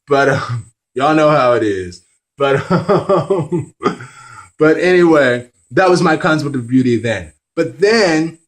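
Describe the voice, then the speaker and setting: A man's voice: medium pitch, a bit bright, poor audio. A man talking candidly to camera in a casual vlog, rambling with self-deprecating, apologetic asides. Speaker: vlogger.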